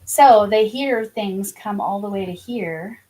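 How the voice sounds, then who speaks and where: Woman, crochet stream host, casual chat, mid-pitched, laughs often. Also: warm tone, rough recording. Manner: chatty, laughing often, drawn-out phrases.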